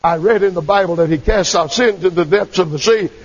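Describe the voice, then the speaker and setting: A man preaching plays a humble old father, apologetic and then overflowing with joy, his voice climbing high. It sounds husky on a dull, lo-fi recording. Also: quick pace. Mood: joyful. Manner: overjoyed apologetic exclaiming.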